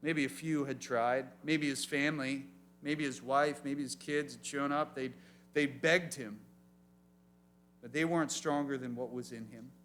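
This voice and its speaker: A man as youth pastor, preaching an animated sermon and asking the room questions. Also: medium pitch, a little slow, slight background noise. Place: church youth meeting room.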